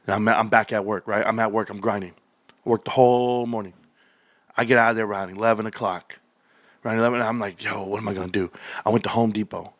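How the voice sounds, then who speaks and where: A man in his thirties hosting a stock livestream, ranting excitedly and telling rambling stories. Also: quick pace. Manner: hyped, rambling, loud swings, laughs often; lower storytelling mode.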